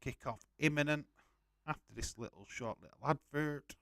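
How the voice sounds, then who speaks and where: A man's voice: a little high, moderate pace, vocal fry, a bit bright, no room sound. A man hosting a casual live watch-along stream, chatting loosely with frequent swearing and rambling restarts. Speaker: livestream host.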